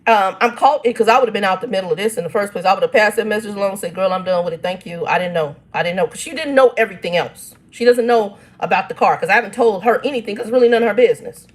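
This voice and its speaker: A woman's voice: medium pitch, racing, hardly any pauses. A woman, telling a family dispute in a casual vlog. She reads text messages aloud and breaks in with blunt, irritated asides. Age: 50s. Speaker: channel host.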